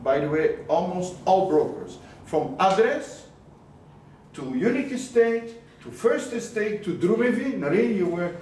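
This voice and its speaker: A man's voice: high-pitched, animated, a little slow, darkish tone, recorded from a distance, slight background noise. A man giving a live coaching talk to a group, questioning the audience often and mixing in words of another language. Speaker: business coach. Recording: echoey room, voice from afar.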